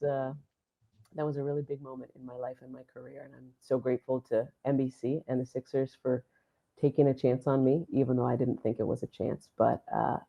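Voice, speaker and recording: A woman sports announcer telling a story in a podcast interview, animated and laughing often as she acts out what people said. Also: a bass voice, fairly quick, creaky, lo-fi sound. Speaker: sports play-by-play announcer, guest.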